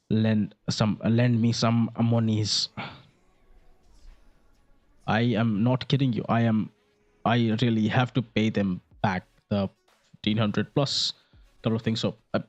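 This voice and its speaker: A man's voice: on the low side, lo-fi sound. Rambling, jokey young man gaming. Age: around 18. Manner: rambling and jokey, with frequent fillers and swearing. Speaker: gaming video creator. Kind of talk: casual gameplay commentary. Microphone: desk microphone.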